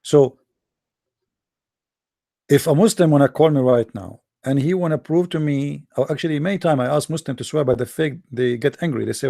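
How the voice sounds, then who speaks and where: A man's voice: a little high, normal speed, creaky, warm tone, no echo, clean studio sound. A man hosting a livestream who talks to his audience in a sarcastic, mocking way. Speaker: host.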